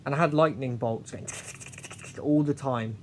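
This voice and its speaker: A man's voice: medium pitch, slight background noise. A man vlogging a candid personal story, earnest and confessional, often restarting and trailing off. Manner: halting, with many restarts and trailing pauses.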